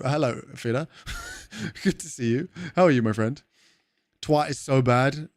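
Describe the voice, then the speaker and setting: A man's voice: medium pitch, a little fast, no echo, studio quality. A man chatting casually with viewers on a game livestream, rambling, swearing and laughing easily. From Wales. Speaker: gaming streamer.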